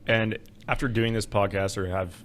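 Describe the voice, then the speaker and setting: A man co-hosting a finance podcast, talking in casual chat, wry and animated as he explains with frequent fillers. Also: fairly low pitch, moderate pace, a little hiss or hum. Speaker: podcast co-host, investment adviser.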